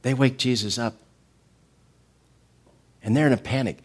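A middle-aged man preaching a sermon, animated, rising to loud emphatic peaks and falling to soft, tender passages. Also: mid-range voice, measured pace, pauses often, slightly rough. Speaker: pastor.

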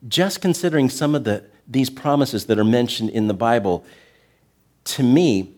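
A man preaching a sermon as a pastor, earnest and direct with the congregation, slowing down to stress key words. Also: medium pitch, animated, a little mellow. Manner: talks directly to the congregation with asides.

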